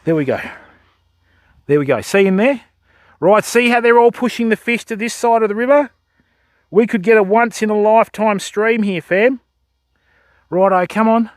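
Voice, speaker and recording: Aussie bloke livestreaming by a river, high voice, dry close sound, all hyped up talking to chat. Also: male voice, moderate pace, long pauses, no room sound. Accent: Australian. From Australia. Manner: excitable, calls viewers fam and mate. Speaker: fishing livestreamer. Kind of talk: live commentary to stream chat. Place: outdoors by a river.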